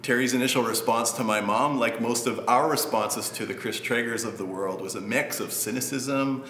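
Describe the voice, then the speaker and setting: A man preaching a sermon in a relaxed, conversational way with light humor. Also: medium pitch, normal speed, roomy sound, slight background noise. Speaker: pastor.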